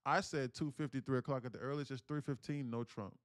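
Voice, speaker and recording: A man's voice: medium pitch, steady tone, quick pace, no room sound, studio quality. A man talking casually to his livestream audience, telling a story animatedly in street slang. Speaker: day trading livestreamer.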